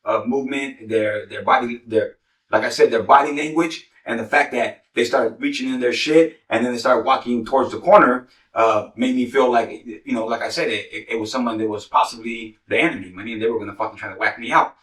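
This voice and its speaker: Fast-talking ex-gang storyteller. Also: male voice, medium pitch, fairly bright tone, far from the mic. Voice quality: heavy slang, constant "you know what I'm saying". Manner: rapid, rambling, swears constantly. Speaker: former gang member telling war stories. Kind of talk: raw street storytelling, profane. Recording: echoey room, voice off mic.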